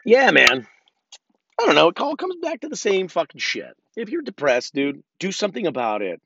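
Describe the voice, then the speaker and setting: A man's voice: high voice, huge pitch swings, normal speed, gravelly, background noise. A man in his thirties ranting casually and profanely, rambling with many restarts, in a car. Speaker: vlogger. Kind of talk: casual rant. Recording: dull lo-fi sound.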